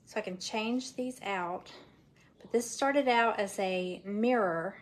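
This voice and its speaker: A woman's voice: medium pitch, takes it slowly. A woman chatting casually to viewers while she works on a craft project live from home. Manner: chatty, talks while working with hands, addresses viewers as y'all. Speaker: craft live-stream presenter.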